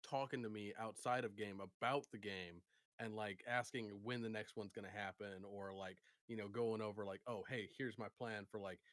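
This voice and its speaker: A man co-hosting a casual podcast and game master, talking in a relaxed way with many fillers. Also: fairly low pitch, normal speed, dry recording. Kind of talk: casual chat about tabletop games.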